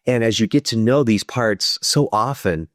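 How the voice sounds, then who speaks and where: A male psychotherapist talking through ideas in a relaxed podcast interview, sometimes acting out inner voices. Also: lowish voice, normal speed, dry recording, studio quality. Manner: thoughtful, explanatory, acts out inner voices. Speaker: psychotherapist guest.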